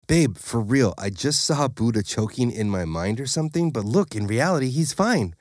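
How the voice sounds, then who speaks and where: A man's voice: medium pitch, lively intonation, moderate pace, darkish tone, dry recording, studio quality, natural voice. An audiobook reader, a man, voicing a young man who blurts out his alarm and confusion, swearing as he goes. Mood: bewildered. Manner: blurting, shaken.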